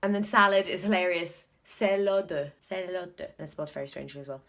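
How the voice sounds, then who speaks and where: Low-voiced Irish woman chatting on her vlog. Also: rapid-fire, bright, forceful tone. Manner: chatty, thinks aloud, repeats words to practise. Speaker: video blogger learning Korean. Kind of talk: casual study vlog.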